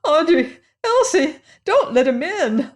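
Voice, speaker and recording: A woman's voice: on the high side, lively intonation, a little slow, darkish tone, pitched above the performer's own voice. A woman voicing a frightened, fussy older housekeeper who talks in a quavering, fretful way. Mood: panicked.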